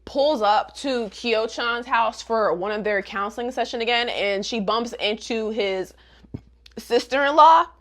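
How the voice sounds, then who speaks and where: A woman's voice: fairly high pitch, measured pace. A woman giving a casual, sassy recap of a manga, full of slang and running commentary. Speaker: manga reviewer.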